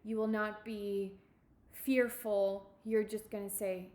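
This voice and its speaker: A woman giving a tarot reading, speaking in a halting, reassuring way and often repeating her words. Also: medium pitch, little pitch movement, a little mellow. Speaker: tarot reader.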